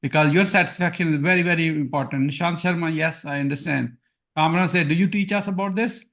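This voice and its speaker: Man, Punjabi-accented English, high voice, live webinar host, repetitive self-deprecating talk. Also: quick pace, a bit bright. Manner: self-deprecating, repetitive, reads chat aloud. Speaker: course host.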